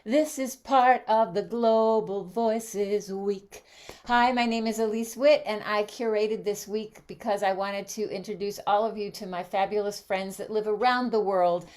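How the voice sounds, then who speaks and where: A woman's voice: medium pitch, fairly even intonation, unhurried, a little mellow. A woman hosting an online song gathering, greeting viewers one by one in a lilting, sing-song way over a video call. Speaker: host. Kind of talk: warm welcoming livestream greetings.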